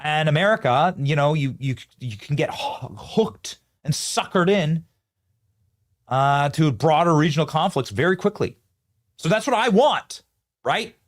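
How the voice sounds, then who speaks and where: A man's voice: on the high side, animated, unhurried. A man hosting a live political commentary show, riffing animatedly and talking to his producers and chat.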